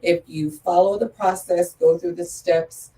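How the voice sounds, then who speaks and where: A woman's voice: fairly low pitch, steady tone, unhurried, warm tone, far from the mic, rough recording. A woman guest on a livestream, a photographer and business owner, speaking earnestly and repeating key phrases for emphasis. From Metro Atlanta area. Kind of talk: interview talk.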